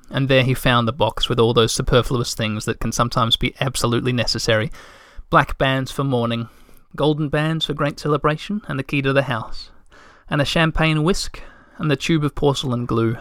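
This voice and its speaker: Guy reading a storybook aloud, calm, super clean voice, dry no room. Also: mid-range voice, dry recording. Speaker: narrator. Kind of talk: audiobook narration.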